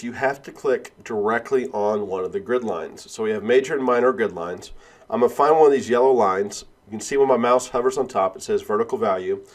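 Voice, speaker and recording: A man instructor giving a screen-recorded software tutorial, explaining each click step by step and correcting himself along the way. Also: mid-range voice. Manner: steady step-by-step walkthrough, self-correcting.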